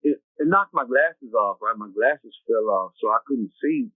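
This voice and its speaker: Male interview guest, average pitch, casual streetwise storyteller, thin phone-quality dry audio. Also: lively intonation, normal speed, slightly rough, no room sound. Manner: rambling, streetwise, tags lines with "right?" and "you know what I'm saying". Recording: tinny phone-like dry sound.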